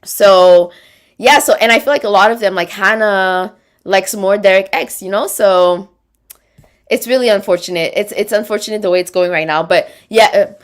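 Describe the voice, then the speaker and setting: A woman's voice: medium pitch, normal speed. Chatty woman rambling through viewer comments. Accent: Quebec French. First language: French. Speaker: livestream host reading chat. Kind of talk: casual livestream chat.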